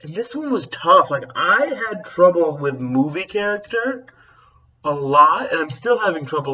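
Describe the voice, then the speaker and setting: A man's voice: on the high side, very animated, unhurried, sharp tone, breathy edge, far from the mic, lo-fi sound. A man who works as a teacher, chatting casually to camera, rambling and often breaking off to correct himself. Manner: rambling, self-interrupting, chuckling. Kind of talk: casual vlog chat.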